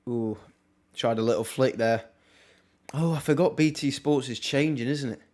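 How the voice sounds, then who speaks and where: A young man, casually commentating on a football match live for his stream, with wry asides and quick reactions. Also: mid-range voice, a little mellow. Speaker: watchalong streamer.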